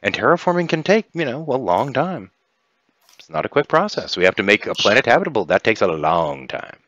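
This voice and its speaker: Sly alien woman, a man putting her on for a tabletop game: a grinning, sinister schemer whose voice sits well above his own low register and swings lively up and down. Dull, lo-fi mic sound. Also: brisk, no room sound. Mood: scheming.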